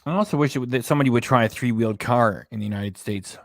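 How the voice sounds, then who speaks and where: A man with a gravelly, medium-pitched voice talks rapid-fire while hosting a casual reaction livestream. He chats and rambles between topics, reading viewer comments and web pages aloud, in clean, dry studio sound.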